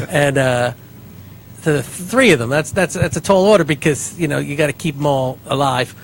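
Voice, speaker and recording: A man with a high-pitched voice spins a rambling, self-deprecating story for laughs among friends. A faint hum of noise sits under the recording. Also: normal speed, vocal fry. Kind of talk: comedic storytelling.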